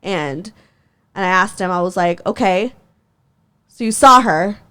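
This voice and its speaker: A woman's voice: medium pitch, expressive, unhurried, bright, forceful tone, smooth. A young woman hosting a podcast, telling a story in casual chat, heated and profane, laughing often. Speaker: podcast host.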